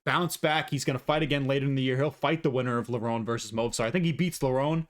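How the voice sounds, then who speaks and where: A man's voice: mid-range voice, fairly even intonation, fast. A man talking casually and profanely through his predictions, rambling and opinionated, on a desk mic. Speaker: MMA commentator vlogger.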